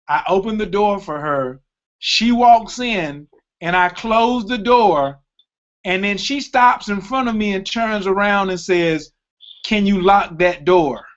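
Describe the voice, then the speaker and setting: A man's voice: sits high, a bit bright, highs cut off. A man hosting a talk radio show, talking emphatically and cutting in with repeated interjections.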